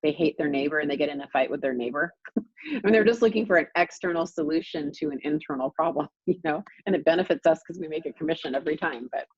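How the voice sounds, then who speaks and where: A woman's voice: deep voice, quick pace, slightly rough, dry recording, highs cut off. A woman real estate coach leading a group coaching call, speaking emphatically and repeating points for stress, over a video call.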